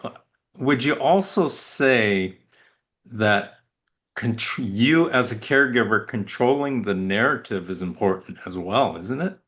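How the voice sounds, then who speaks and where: A man hosting a panel, asking the guests questions in a hesitant, halting way. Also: mid-range voice, expressive, a bit bright.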